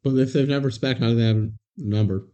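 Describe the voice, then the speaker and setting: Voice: medium pitch, fast talker, dark tone, highs cut off. A podcast co-host making dry, wry asides during a casual movie recap chat.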